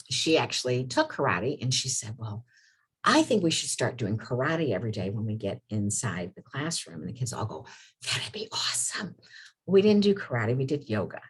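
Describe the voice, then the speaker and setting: A middle-aged woman and former preschool teacher talking volunteers through calming activities and reading picture books aloud in a sing-song voice. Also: rumbling low, slightly rough.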